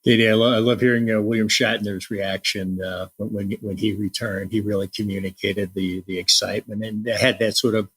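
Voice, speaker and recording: A man's voice: fairly low pitch, little pitch movement, fairly quick, hardly any pauses, fairly bright tone, slightly rough. A man hosting a podcast interview in a friendly, hesitant way. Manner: friendly, hesitant, with many fillers. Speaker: podcast host. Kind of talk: casual interview.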